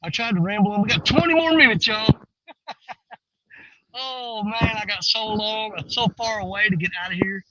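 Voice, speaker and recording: A man talking casually to viewers from a riverbank, folksy and rambling, swinging between excited and hushed. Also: sits high, moderate pace, dry recording, dull audio. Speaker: outdoor fishing vlogger. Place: outdoors on a riverbank.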